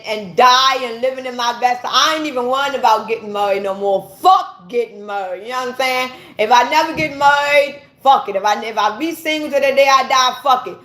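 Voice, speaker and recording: A woman from the United States with a high-pitched voice delivers a fiery, profanity-laced rant, lecturing her viewers like a street preacher. The recording sounds roomy, with noticeable echo off the walls. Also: a bit bright. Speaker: vlogger. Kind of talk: impassioned monologue to viewers. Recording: echoey room.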